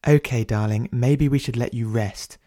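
A man's voice: mid-range voice, moderate pace, no echo, studio quality, lightly acted. A man doing a soothing, patronizing wife. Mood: placating. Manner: gently placating, condescending. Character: soothing, patronizing wife of the prime minister, adult woman.

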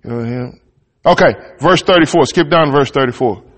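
High-voiced preacher in an echoing church. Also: male voice, fairly quick, fairly bright tone. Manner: conversational, reads verses then riffs in folksy Southern-style talk. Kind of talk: sermon with scripture reading.

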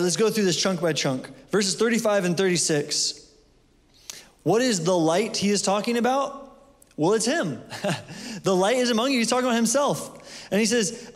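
A man's voice: sits high, moderate pace. A man preaching a sermon in a loose, conversational way, full of fillers and restarts, recorded in a church hall.

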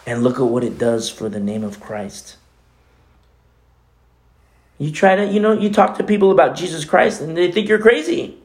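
Gravelly-voiced male co-pastor preaching. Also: a little high, expressive, moderate pace, pauses often. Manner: conversational preaching with many asides. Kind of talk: sermon.

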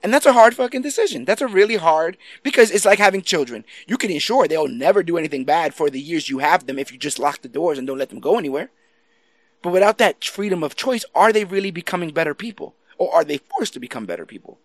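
A man chatting casually about movies, animated and laughing often, swearing now and then. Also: fairly high pitch, fast talker, no room sound.

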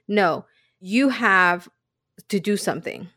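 A woman's voice: mid-range voice, lively intonation, slow pace, a bit bright, no echo, studio quality. A woman co-hosting a podcast in casual chat, reflective and candid, telling personal stories. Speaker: podcast co-host.

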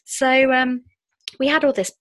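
A woman in her thirties, telling a personal story in a frank, expressive way with quick asides. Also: high voice, dry recording. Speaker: podcast guest, entrepreneur.

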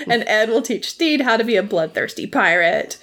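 A woman's voice: on the high side, animated, moderate pace, fairly bright tone. A woman in casual chat, recapping a story with frequent laughter and livelier voices for quoted characters. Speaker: podcast co-host recapping a TV episode.

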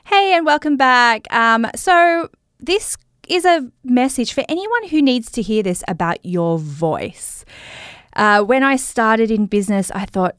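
A woman's voice: on the high side, very animated, measured pace, fairly bright tone, clean tone, dry recording, studio quality. A woman with an Australian accent hosting a podcast, giving encouraging coaching tips and affirmations in a casual chatty way. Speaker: podcast host.

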